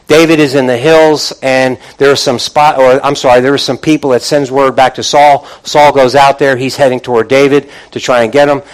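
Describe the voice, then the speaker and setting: A man's voice: medium pitch, flat delivery, a little fast, hardly any pauses, poor audio. A man preaching a sermon, retelling scripture in a casual conversational way, often restarting phrases and asking the congregation for responses. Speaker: pastor.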